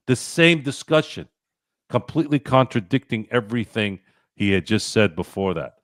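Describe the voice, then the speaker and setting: A man's voice: medium pitch, expressive, normal speed, no echo, clean studio sound. A man hosting a sports talk show, ranting bluntly and swearing freely. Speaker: podcast host.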